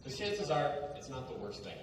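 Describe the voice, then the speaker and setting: Easygoing male co-host, lively delivery, distant in a reverberant hall. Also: medium pitch, normal speed. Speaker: co-host panelist. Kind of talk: casual event chat. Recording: echoey hall from far off.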